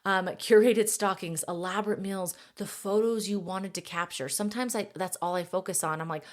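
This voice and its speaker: A woman's voice: mid-range voice, moderate pace, hardly any pauses. A woman in her thirties hosting a podcast, coaching other moms in a casual, encouraging monologue and laughing at herself now and then. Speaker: podcast host and mom coach.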